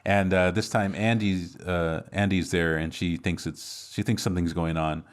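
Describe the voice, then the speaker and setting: A man co-hosting a podcast, casually retelling a film's plot with lots of fillers and quick acted-out lines. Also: sits low, steady tone, smooth. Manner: rambling recap with many fillers and laughs. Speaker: podcast co-host. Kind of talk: casual movie recap chat.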